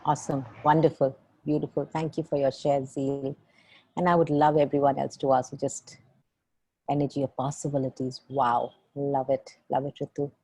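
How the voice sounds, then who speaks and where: A woman leading a group coaching call as facilitator, energetic and gushing, acting out the voices she quotes. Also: a bass voice, normal speed, breathy edge, no echo.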